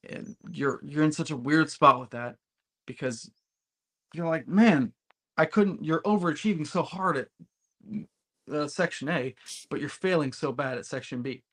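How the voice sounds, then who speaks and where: A man's voice: fairly high pitch, normal speed, fairly bright tone. A man co-hosting a casual sports podcast, talking bluntly and emphatically about his team. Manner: emphatic, blunt, occasionally profane. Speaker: podcast co-host.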